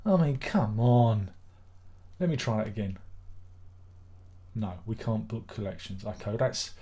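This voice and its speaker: Exasperated, husky man grumbling. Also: on the low side, expressive, normal speed, long pauses, warm tone. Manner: exasperated grumbling, swearing, rambling. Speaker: live-stream host. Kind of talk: casual live-stream chat.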